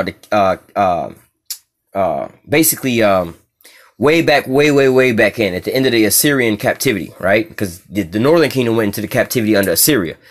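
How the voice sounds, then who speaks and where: Man preaching loosely, lowish voice. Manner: reads verses aloud, then explains them loosely with many fillers and "all right?"; casual, blunt street talk with profanity. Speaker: scripture teacher. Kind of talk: informal scripture lesson.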